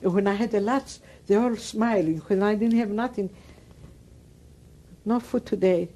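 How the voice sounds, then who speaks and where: A woman's voice: mid-range voice, measured pace, dark tone. A woman in her nineties with a Greek accent, speaking broken English in an emphatic, repetitive way as an interviewee. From Greece. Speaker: Holocaust survivor interviewee. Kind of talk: oral history interview.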